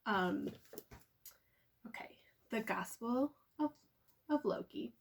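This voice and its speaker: A young woman talking casually and excitedly about the books she bought, with plenty of "um" and "like.". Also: fairly high pitch, slow, vocal fry, a little hiss or hum. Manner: chatty, filler-heavy, excitable. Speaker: book vlogger. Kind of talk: casual book haul chat. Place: at home.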